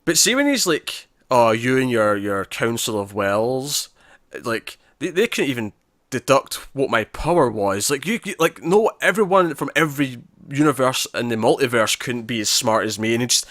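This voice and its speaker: A man co-hosting a podcast about TV episodes, chatting casually and acting out lines from scenes with quick restarts. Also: mid-range voice, animated, a bit bright, dry recording, studio quality. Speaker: podcast co-host. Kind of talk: casual chat.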